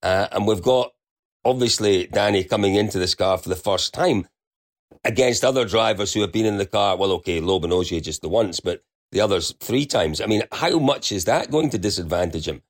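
A man's voice: lowish voice, expressive, brisk. A man in a casual rally chat, chuckling and posing long questions to his co-hosts. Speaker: podcast co-host.

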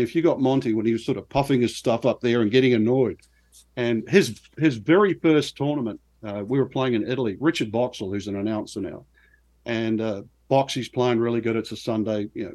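A middle-aged man from New Zealand, a former pro golfer, telling lively, self-deprecating stories as an interview guest. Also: medium pitch. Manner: animated anecdotes with self-deprecating laughs. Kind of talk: casual storytelling interview.

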